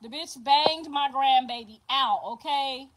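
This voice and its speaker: Unhurried and high-voiced, an older livestream host spins a loose, casual story for her viewers. She swears freely, stays animated, and hammers points home by repeating them, with noise in the background.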